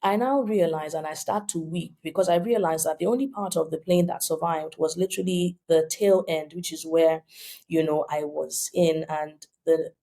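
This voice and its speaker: A Nigerian-accented woman in her thirties tells her story animatedly as a podcast guest, acting out the voices of people she quotes. Her voice is low and mellow, with fairly even intonation and a moderate pace.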